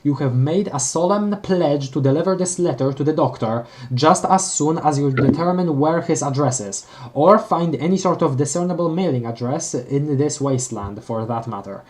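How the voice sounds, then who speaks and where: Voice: medium pitch, normal speed, few pauses, darkish tone. A streamer reading a webcomic aloud on a live read-along, often stumbling over words and reacting with gasps and emotion. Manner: reads aloud with frequent stumbles and restarts.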